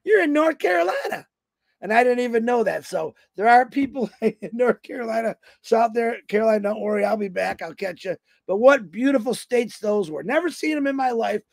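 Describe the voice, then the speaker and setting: A man in his fifties talks in a high, raspy voice with a lot of gravel. He rambles through a folksy motivational talk on a livestream and acts out the voices of the people in his stories. The sound is dry and close. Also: a little fast, few pauses, darkish tone, no echo. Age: 50s. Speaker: motivational speaker on a company livestream.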